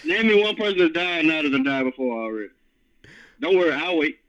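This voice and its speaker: A man co-hosting a casual podcast, joking in a fast, animated way. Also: on the high side, clear, resonant tone. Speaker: podcast co-host. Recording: muffled lo-fi audio.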